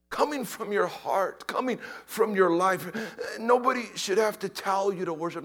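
A man preaching a sermon, swinging from shouted pleas to hushed whispers and repeating phrases for emphasis. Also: sits high.

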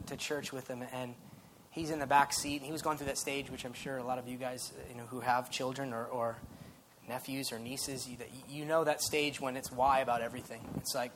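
Casting: male preacher, middle pitch, earnest and chatty, some faint noise behind. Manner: conversational, earnest, swings from soft to loud. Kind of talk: sermon.

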